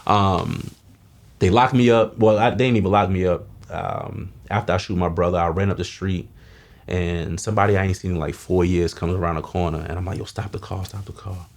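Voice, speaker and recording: A man, telling his life story in a streetwise, slangy way, often dropping quiet at heavy moments. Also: deep voice, steady tone, fairly quick, creaky. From Mount Vernon, New York. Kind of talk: candid testimony.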